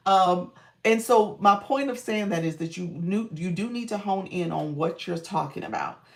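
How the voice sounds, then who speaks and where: A woman's voice: lowish voice, moderate pace. A woman live-stream coach chatting casually, greeting viewers by name and explaining tips.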